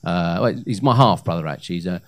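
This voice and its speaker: A man in his thirties performing a live stand-up set on a comedy club stage into a handheld mic, with hesitant fillers and loud punchlines. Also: sits low, quick pace. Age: 30s.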